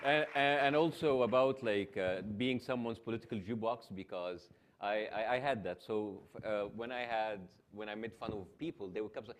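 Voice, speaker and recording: A man's voice: fairly low pitch, a little fast. A man from Egypt, a television host, chatting casually on a forum stage, laughing often and acting out quoted exchanges. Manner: laughing, expressive, acts out quoted dialogue. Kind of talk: casual conversational storytelling.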